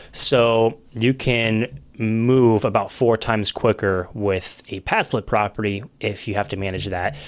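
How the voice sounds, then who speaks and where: A man, a realtor, casually explaining rental investment numbers while working through a calculator, conversational and thinking aloud. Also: fairly low pitch. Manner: conversational, many fillers and restarts, thinking aloud over numbers. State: coughing now and then. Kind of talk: casual screen-share explainer.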